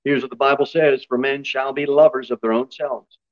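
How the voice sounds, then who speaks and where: Preaching pastor with dull lo-fi sound. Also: male voice, fairly even intonation, normal speed, no room sound. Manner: preaching with sudden high, emphatic rises. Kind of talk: sermon. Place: church.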